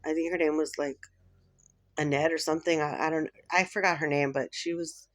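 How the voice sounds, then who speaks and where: A woman's voice: low-pitched, a little fast. Chatty rambling woman vlogger. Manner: chatty, rambling, laughs often. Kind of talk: rambling casual chat to camera.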